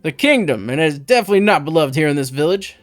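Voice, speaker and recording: A man voicing a male village head in a game, with a slow country drawl and a chatty, evasive manner. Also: a little high, animated, dry recording, lightly acted. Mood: folksy.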